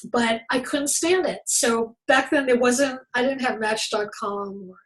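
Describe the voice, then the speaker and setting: A woman author being interviewed, telling a personal story in an earnest, open and expressive way. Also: fairly high pitch, unhurried, poor audio.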